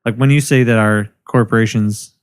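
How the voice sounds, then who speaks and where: A podcast co-host with a smooth, lowish voice chats casually at a moderate pace. He launches into animated rants laced with lots of swearing.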